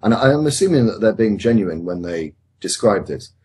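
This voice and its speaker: Husky-voiced male host. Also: on the low side, very animated, warm tone. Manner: measured, inquisitive, stammers on openings. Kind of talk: casual panel chat.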